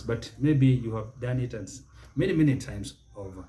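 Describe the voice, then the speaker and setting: A middle-aged man hosting a spoken lesson, repeating each word slowly and deliberately for emphasis. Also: mid-range voice, warm tone, slight background noise. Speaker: pronunciation teacher and show host. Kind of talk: spoken English lesson to camera.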